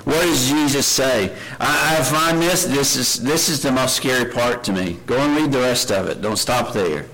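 A man's voice: mid-range voice, normal speed, fairly bright tone, poor audio. Earnest male preacher giving a sermon. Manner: earnest, asks the congregation many questions; reads scripture aloud with rising emphasis.

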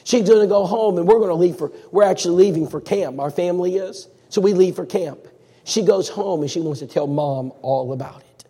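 A man preaching a sermon as a dramatic story, swinging between loud and hushed. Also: high voice, fairly quick, breathy edge, in a large hall.

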